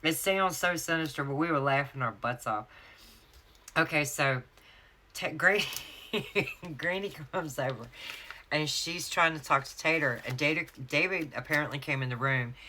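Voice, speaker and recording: A woman's voice: low voice, moderate pace, bright, forceful tone, a little hiss or hum. A woman with a Southern US accent chatting casually to her viewers while setting up her planner and telling stories. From North Carolina, US. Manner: chatty storyteller, addresses viewers as y'all. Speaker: planner vlogger.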